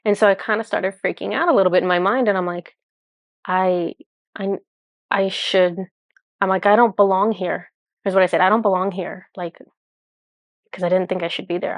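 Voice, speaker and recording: Woman, casual rambling storyteller, mid pitch, dry close mic. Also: dry recording. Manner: chatty and rambling, full of "like" and self-corrections. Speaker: spiritual channeler telling a personal story.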